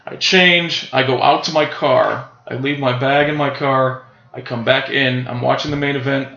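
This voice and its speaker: A man's voice: mid-range voice, steady tone, moderate pace, gravelly, bright, forceful tone, roomy sound, highs cut off. A man who wrestles for a living tells a story casually and animatedly, often checking in with his listeners. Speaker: guest, professional wrestler.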